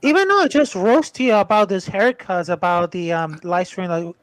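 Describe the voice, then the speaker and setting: Man, high voice, dry close sound, halting and repetitive, casual live-stream chat. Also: a bit bright, no room sound. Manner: halting, restarts phrases, loose grammar. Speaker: show panelist.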